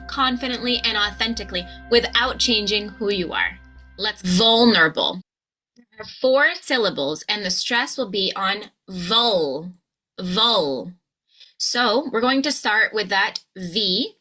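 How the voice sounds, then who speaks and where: An American woman talks through a pronunciation lesson with a bright, forward voice. She slows right down and stretches each syllable when she demonstrates it. Her pitch stays mid-range for a woman. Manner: slow drawn-out modelling of sounds. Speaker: pronunciation coach. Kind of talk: scripted pronunciation lesson to camera.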